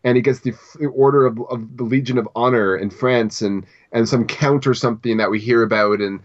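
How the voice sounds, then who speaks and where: Canadian dude co-hosting a podcast, rambly, lots of restarts, kinda muffled lo-fi sound. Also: male voice, mid-range voice, fairly even intonation, brisk. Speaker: podcast co-host. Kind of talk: casual chat. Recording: dull lo-fi audio.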